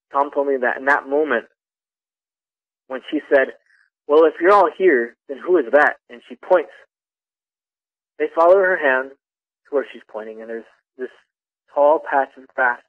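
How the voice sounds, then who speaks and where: A young man calling in to a radio show, telling a personal story in a halting way, repeating words and restarting sentences. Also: medium pitch. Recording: tinny phone line on radio.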